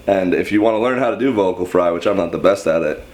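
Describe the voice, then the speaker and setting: A man's voice: low voice, fast talker, darkish tone. A young man casually explaining vocal technique in a rambling, self-deprecating way, often restarting his sentences. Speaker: screaming vocal instructor.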